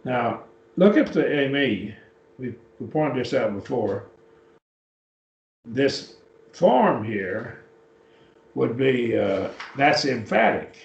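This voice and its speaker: Teaching a Bible class in a church classroom, a man breaks down Greek word forms step by step, unhurried, while working at a computer. His voice is medium-pitched, creaky, and very animated. A distant mic in the echoey room gives a dull, lo-fi sound.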